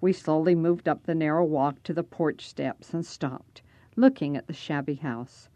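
A woman's voice: deep voice, normal speed, dark tone, dry recording. A woman narrating a first-person story aloud, reading expressively.

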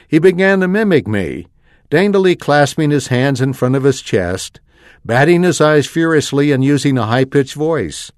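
Expressive male story reader. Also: medium pitch, moderate pace, dry recording, studio quality. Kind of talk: first-person story reading.

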